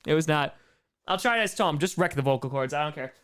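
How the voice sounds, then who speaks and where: A man hosts a casual livestream Q&A, reading chat questions aloud and poking fun at himself. His voice sounds worn and hoarse. It sits fairly high and swings up and down a lot. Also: brisk. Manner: animated, reads chat aloud, self-mocking jokes. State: hoarse, strained voice. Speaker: streamer answering viewer questions.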